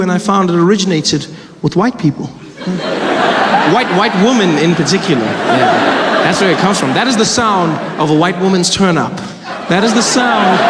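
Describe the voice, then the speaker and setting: Guy doing stand-up, highish voice, chatty storytelling, echoey hall w/ crowd + background noise. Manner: conversational storytelling with quick voice switches. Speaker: stand-up comedian. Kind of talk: stand-up comedy. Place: large hall before live audience. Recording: live hall with audience noise.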